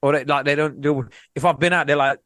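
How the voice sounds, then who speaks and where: A man's voice: on the high side, fast, dry recording. A young man, a comedian and podcast co-host, telling stories in casual chat, full of slang and repeated words. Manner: animated storytelling with slang and repetition.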